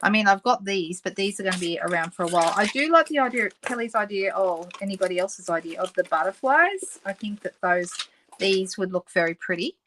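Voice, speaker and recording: A woman's voice: mid-range voice, animated, fairly quick, a bit bright, slight background noise. An Australian woman hosting a live papercraft demonstration, chatting casually with viewers, answering their comments and laughing often. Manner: laughs often and apologizes playfully.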